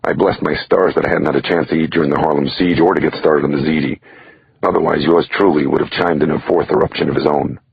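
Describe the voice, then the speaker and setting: Very deep gravelly male narrator. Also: fairly even intonation, fast talker, no room sound. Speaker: audiobook narrator. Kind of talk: scripted audiobook narration. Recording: dull dry lo-fi recording.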